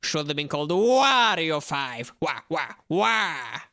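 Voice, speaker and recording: A woman voicing a brash, greedy male rival who grunts and shouts. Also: sits low, big pitch swings, takes it slowly, no echo, clean studio sound, exaggerated voice.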